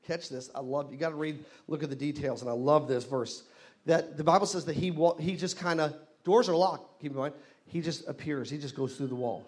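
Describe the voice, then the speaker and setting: A man preaching a sermon in a church, leading the congregation in call-and-response and rising to loud exclamations. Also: on the high side, fairly quick. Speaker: pastor. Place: church hall.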